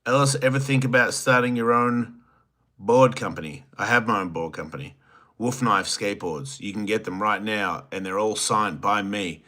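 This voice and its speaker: Lowish, forceful Australian man. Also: normal speed. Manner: crude, teasing and rambling. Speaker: host. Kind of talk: solo livestream reading chat.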